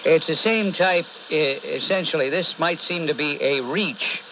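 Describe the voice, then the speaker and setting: A man's voice: on the high side, unhurried. A man hosting a call-in radio show, blunt and sarcastic, berating and cutting off callers, with a New York accent. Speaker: talk radio host. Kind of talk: combative call-in radio talk. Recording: dull AM radio broadcast with faint hiss.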